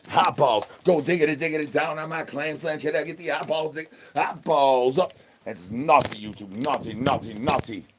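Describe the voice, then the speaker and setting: A man's voice: medium pitch, a little hiss or hum. A young man talking into his phone on a live stream, rambling in a playful, sing-song way full of nonsense catchphrases.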